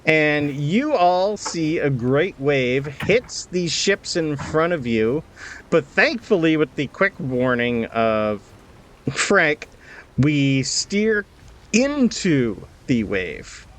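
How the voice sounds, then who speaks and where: A man narrating as game master of a tabletop game, explaining rules in a relaxed way with fillers. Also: on the high side, slow.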